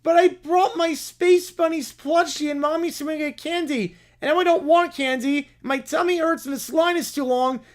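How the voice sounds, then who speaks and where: A man's voice: very high-pitched, steady tone, moderate pace, few pauses, voice pushed up. A man voicing a small, tantrum-prone child who whines and wails about everything. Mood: whiny. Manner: whining and wailing. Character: whiny, tantrum-prone little kid.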